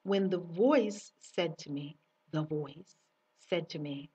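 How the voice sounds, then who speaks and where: A woman with a husky, slightly breathy voice gives a personal spiritual monologue to camera, circling back on her phrases for emphasis. She sits back from the mic, and the sound is dull and muffled. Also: low voice, slow pace, warm tone. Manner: repetitive, emphatic storytelling. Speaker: spiritual teacher. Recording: dull distant recording.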